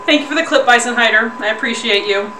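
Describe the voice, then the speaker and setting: A woman streamer chatting casually to her viewers, loudly exclaiming and laughing while suffering through a spoonful of wasabi. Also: a little high, fast talker, reverberant, far from the mic, a little hiss or hum. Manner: exclaiming and laughing, talks to chat. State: sniffly and pained from wasabi. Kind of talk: casual live-stream chat. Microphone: desk mic, sometimes clipping.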